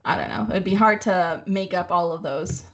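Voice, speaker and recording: A woman's voice: on the low side, moderate pace, muffled recording. A woman in casual podcast chat, teasing and laughing often. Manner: giggly, teasing.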